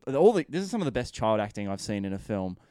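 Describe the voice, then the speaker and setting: A man's voice: on the low side, big pitch swings, fast talker, warm tone, clear, resonant tone, no room sound, clean studio sound. A man talking about a film in a casual chat, enthusiastic and rambling, peppering his talk with "like" and swearing. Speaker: film reviewer.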